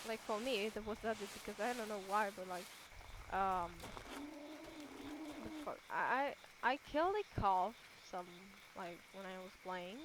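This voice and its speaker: A woman casually commenting while she plays a game on her channel, rambling and excitable, swearing and then apologizing. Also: medium pitch, a little slow, noisy background. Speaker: gaming channel host. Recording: loud game sounds behind voice. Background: game ambience and animal sounds.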